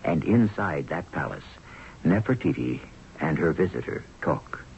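Deep, gravelly dramatic radio host. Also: male voice, expressive, measured pace, darkish tone, slight background noise. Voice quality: dramatic, rhetorical. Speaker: host and narrator. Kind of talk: theatrical radio narration. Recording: lo-fi radio recording with music.

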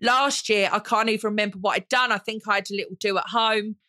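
Woman in her 40s doing her solo podcast, gushy and theatrical, bright punchy voice, dry close mic. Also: medium pitch, steady tone, quick pace, no room sound. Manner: gushing, theatrical, calls listeners honey. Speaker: podcast host. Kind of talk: chatty solo podcast monologue.

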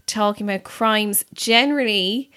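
A woman's voice: mid-range voice, a little slow, pushed and bright. A woman in her thirties chatting casually as a podcast co-host, with frequent "you know"s and restarts. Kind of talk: casual chat.

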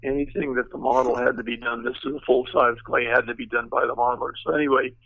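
Over a thin, phone-like connection with no reverb, a retired car designer in his later years spins anecdotes, wandering off and restarting often amid lots of filler words. He speaks fast in a gravelly, medium-pitched voice with a level tone.

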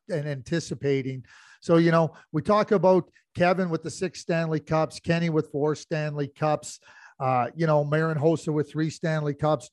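Man, middle-aged, podcast co-host, rambling hockey chat, slightly high voice, dry close mic. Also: darkish tone, dry recording. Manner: rambling, many restarts, tells anecdotes.

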